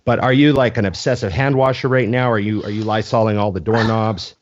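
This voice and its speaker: A man's voice: fairly low pitch, fairly even intonation, fairly quick. A man hosting a podcast in a casual chat, laid-back and swearing offhandedly. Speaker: podcast host. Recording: dull lo-fi podcast audio.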